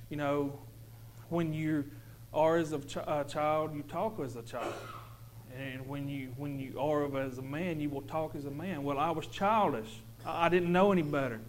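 A father with a fairly high voice gives his personal testimony to a church congregation, earnest and emphatic, repeating phrases and stumbling through restarts. The audio is poor, with a faint hum underneath.

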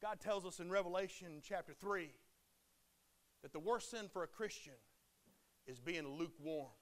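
A man preaching a sermon, swinging between loud impassioned declarations and hushed, quiet drops. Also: sits high, normal speed.

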